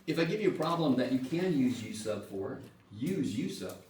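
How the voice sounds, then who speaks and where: This medium-pitched math lecturer speaks at a moderate pace, caught by a far-off mic in an echoey room with a faint hum. His style is casual and animated, full of jokes and salty language.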